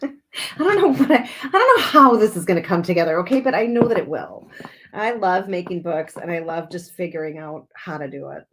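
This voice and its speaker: A middle-aged woman hosting a live craft stream, chatting brightly, laughing often and reading out viewer comments as she works. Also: lowish voice, animated, a little fast, a little hiss or hum. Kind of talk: casual live-stream chat while crafting.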